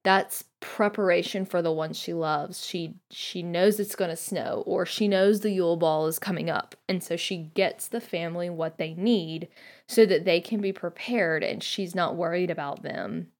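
A young woman guest-hosting a podcast, talking in a thoughtful, soft-spoken way with a few fillers. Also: lowish voice, moderate pace. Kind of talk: casual reflective commentary.

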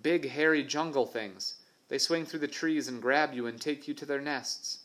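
A man's voice: on the high side, moderate pace, a bit bright, pitched above the performer's own voice, close to an everyday voice. A man voicing a plump, know-it-all boy who insists on gruesome jungle tales in a raised voice. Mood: ghoulish. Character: plump boastful boy Tubby Ted.

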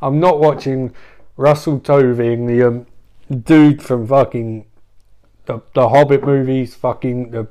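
Guy ranting thru a silly made-up story, swears nonstop, goes off on tangents, mid-pitch voice. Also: fairly even intonation, measured pace, dark tone. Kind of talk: rambling comic storytelling.

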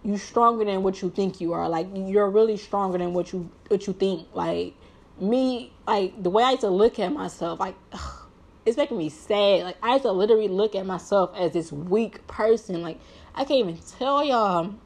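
A woman's voice: medium pitch, normal speed, a little mellow. Earnest young woman vlogging heartfelt advice. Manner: earnest, heavy use of "like", preachy encouragement. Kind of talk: heartfelt personal talk to viewers.

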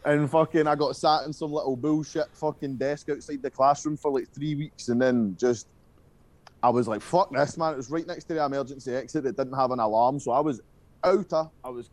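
A young Scottish man with a medium-pitched, darkish voice speaks fairly quickly in a dry recording. As a guest musician in a casual interview, he rambles about school, swearing and dropping in frequent fillers.

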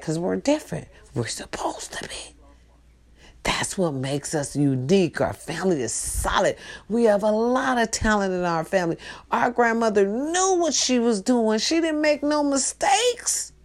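A woman hosting a casual monologue for a live stream, talking straight to her viewers with loud outbursts and hushed asides. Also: mid-range voice, lively intonation, moderate pace. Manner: tag questions, talks straight to her viewers. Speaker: host.

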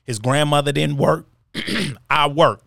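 A man's voice: a little high, slow, vocal fry, sharp tone, dry recording, studio quality. A man hosting a podcast, easygoing and laughing along as he asks long, winding questions. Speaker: podcast host. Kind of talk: podcast interviewing.

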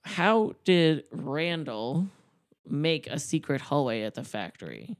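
A woman's voice: low voice, sing-song, takes it slowly, no room sound, studio quality. A woman chiming in on a film recap with wry asides and added plot details. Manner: adds wry asides to the retelling. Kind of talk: casual film recap chat.

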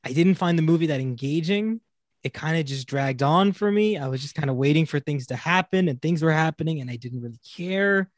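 A man's voice: on the high side, a little fast, no echo, studio quality. Hesitant, frankly swearing male podcaster. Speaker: podcast co-host. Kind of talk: casual movie review chat.

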